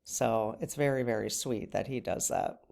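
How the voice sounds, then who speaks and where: Middle-aged woman, low voice, casual tearful vlog chat. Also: moderate pace, creaky, darkish tone. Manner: tearful, breaks off to cry. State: crying at times. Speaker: channel host.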